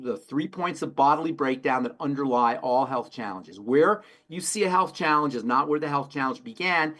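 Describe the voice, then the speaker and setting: On a call-in health show, this male pharmacist answers with emphasis, says key phrases twice, and tells homespun stories. His voice sits in the middle range with a fairly bright tone.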